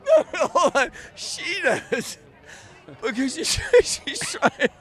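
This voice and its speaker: Giggly tipsy crew guy, very high voice, drawn-out slow delivery. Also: a bit bright. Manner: tipsy, giggly, overly emotional. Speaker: staff member. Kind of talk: casual chat. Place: outdoors at a motorcycle rally.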